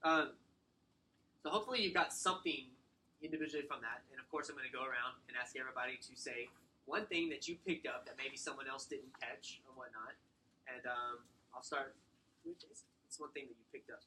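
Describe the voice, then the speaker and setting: A man's voice: medium pitch, fairly quick, sharp tone, a little hiss or hum. A man leading a sales training workshop, coaching the group in a direct, upbeat way. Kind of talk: workshop teaching.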